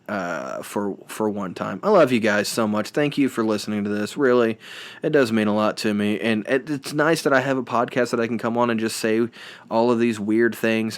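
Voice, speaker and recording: A young man hosting a solo podcast, rambling and self-deprecating with lots of restarts and fillers. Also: mid-range voice. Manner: playful mimicking of reality show voices. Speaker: podcast host.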